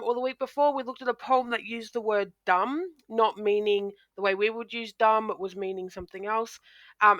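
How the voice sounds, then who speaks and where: A woman's voice: on the high side, pushed and bright, no echo. A woman teacher explaining poetry in a recorded lesson, talking into a close microphone with frequent ums and restarts.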